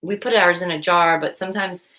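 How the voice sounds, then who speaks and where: A woman's voice: on the low side, steady tone, a little fast, bright, forceful tone. A woman vlogger talking through her thoughts in a casual, rambling way, full of restarts and "like" fillers. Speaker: vlogger and stepmom. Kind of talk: casual reflective monologue.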